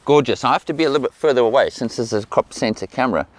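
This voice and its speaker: A middle-aged man directs a portrait shoot outdoors, and he keeps repeating soft praise to his model between quiet asides about his camera. His voice sits at an ordinary middle pitch. The sound is picked up by the camera's own mic out in an open field. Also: lively intonation, very fast, no room sound. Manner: encouraging, repeats praise words. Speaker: portrait photographer.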